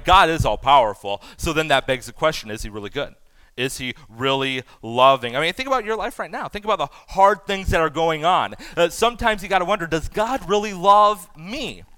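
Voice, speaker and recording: A man in his thirties preaching a sermon as pastor, animated and self-deprecating, loudly acting out the voices he quotes. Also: a little high, smooth, no room sound.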